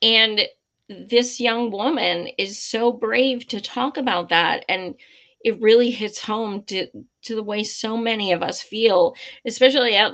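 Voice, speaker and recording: A woman's voice: mid-range voice, a bit bright. A woman hosting a live commentary stream, impassioned and blunt, swearing freely. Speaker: livestream host.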